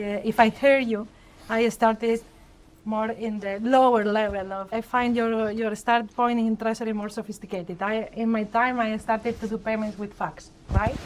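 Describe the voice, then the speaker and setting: A woman's voice: a little high, slight background noise. A woman with a Spanish accent, a panel guest telling her career story in a chatty way that often ends with "right?". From born in Argentina, grew up in Spain. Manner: chatty, tags sentences with "right?". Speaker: panel guest, treasury leader. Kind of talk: personal story on a live panel.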